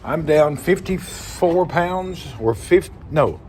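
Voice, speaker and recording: A man's voice: on the high side, lively intonation, slow pace, a little mellow. A man chatting casually on a live stream, rambling and joking with frequent laughs, talking from inside a vehicle. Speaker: vlogger. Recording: noisy car ambience.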